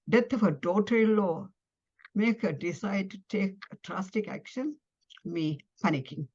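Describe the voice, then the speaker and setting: A woman's voice: fairly low pitch, darkish tone, slightly rough. A woman with a Tamil-influenced English accent reading her own first-person story aloud, acting out the dialogue with strong feeling. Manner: dramatic, voices quoted dialogue with rising emotion. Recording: slightly dull lo-fi audio.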